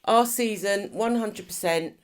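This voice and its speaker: A woman's voice: medium pitch, a little slow. A middle-aged woman co-hosting a podcast in casual chat, teasing and laughing often. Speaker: podcast co-host.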